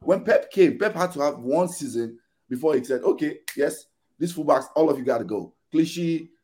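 Man, podcast panelist, animated exasperated rant, casual football chat. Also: fairly high pitch, moderate pace. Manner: animated, exasperated ranting with quoted back-and-forth.

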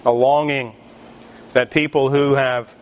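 A male pastor preaching a sermon, emphatic and deliberate, with pauses between phrases. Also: medium pitch, little pitch movement.

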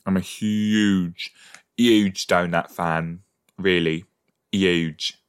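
A man with a deep, low voice hosts a casual watch-along podcast. He takes his time, reacting out loud with quick exclamations and groans of disgust. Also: fairly even intonation, smooth. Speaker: podcast host.

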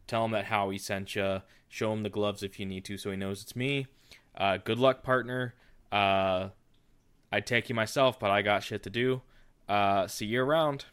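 A man's voice: fairly low pitch, fairly even intonation, moderate pace, fairly bright tone, clear, resonant tone, close to an everyday voice. A man voicing a friendly, folksy male snowplow driver with a neighborly manner.

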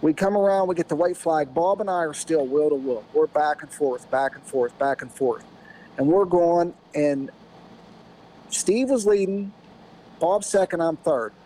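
An American man in his fifties, a podcast guest telling a racing story in a rambling, animated way with lots of "you know"s. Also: fairly high pitch, a little slow, slight background noise, low-quality recording. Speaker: podcast guest, former off-road racer. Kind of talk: casual storytelling.

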